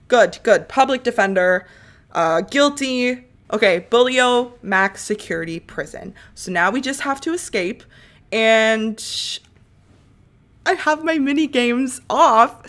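A young woman talks through a mobile game in a relaxed, chatty way, narrating each step as she goes. Now and then she breaks into loud, laughing outbursts. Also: a little high. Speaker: gaming YouTuber. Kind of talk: casual gameplay commentary.

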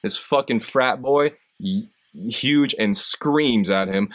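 His voice sits on the low side and he takes his time. While hosting a live stream, he shares stories and launches into a profane, passionate pep talk that builds as he gets worked up.

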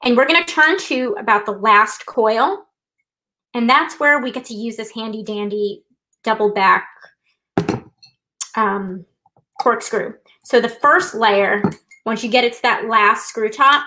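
A woman's voice: a little high, sharp tone, slight background noise, poor audio. A woman hosting a live trivia night, chatting casually and explaining things step by step with a self-deprecating touch. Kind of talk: casual live-stream demonstration.

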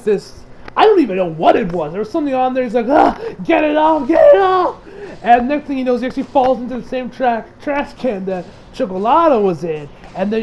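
A man with a fairly high voice rambles through an anime episode recap, full of filler words and casual swearing. He gets excitable as he retells the action. A steady hiss of noise runs under the home recording. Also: poor audio. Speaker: anime reviewer.

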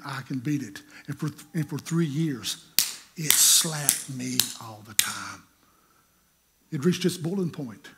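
A middle-aged man, preaching a sermon in a folksy storytelling way, acting out scenes with sudden loud bursts. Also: fairly high pitch, breathy edge. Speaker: pastor.

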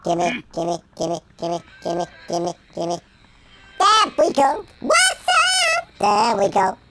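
A man voicing an excitable male cartoon chipmunk who plays a game and yells at it, with a sped-up high-pitched voice. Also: slow, very noisy, full character voice. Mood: playful. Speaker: gameplay commentator. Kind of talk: let's-play commentary in character. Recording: game music underneath.

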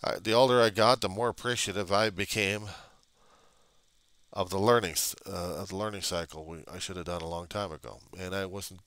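Gruff deep-voiced man grumbling on webcam. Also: fairly bright tone, no room sound. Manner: gruff, grumbling, swears freely. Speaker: vlogger. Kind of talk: rambling casual monologue.

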